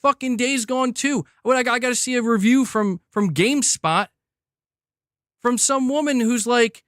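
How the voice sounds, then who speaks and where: Heated, high-pitched male streamer ranting. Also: moderate pace, no echo, studio quality. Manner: heated, animated, swears freely. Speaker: streamer host. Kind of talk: casual livestream rant.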